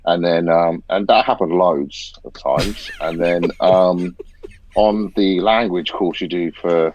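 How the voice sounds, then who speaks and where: A man's voice: low-pitched, slow pace, darkish tone, a little hiss or hum. A man telling rambling, swear-heavy anecdotes as a podcast guest. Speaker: guest, former event organiser. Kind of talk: casual storytelling. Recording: dull lo-fi sound.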